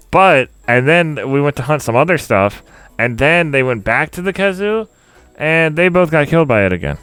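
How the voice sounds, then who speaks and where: Smooth-voiced laughing podcast host man. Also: on the high side, animated, a little slow, a bit bright, no echo. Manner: rambling, laughs often. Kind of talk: casual chat.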